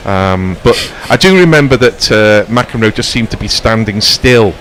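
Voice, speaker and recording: A man's voice: on the low side, lively intonation, normal speed, a bit bright, a little hiss or hum. A man giving ball-by-ball cricket commentary with rambling, whimsical asides.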